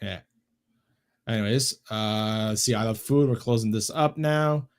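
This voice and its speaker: A man hosting a casual podcast, telling stories in an animated way with lots of swearing and repetition. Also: on the low side, unhurried, clean tone. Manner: animated storytelling, swearing, repeats himself. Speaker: podcast host. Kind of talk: casual chat.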